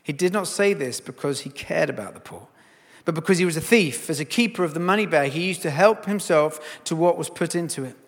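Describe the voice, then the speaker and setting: A man preaching a sermon and telling a story, swinging from hushed to loud. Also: on the high side, animated, a little fast, long reverb tail.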